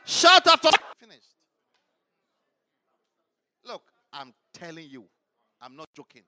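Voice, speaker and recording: A male preacher with a very high, piercing, bright voice delivers a fervent sermon. He swings from shouted lines down to low murmurs. A congregation is faintly heard behind him. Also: huge pitch swings, takes it slowly, some chatter behind.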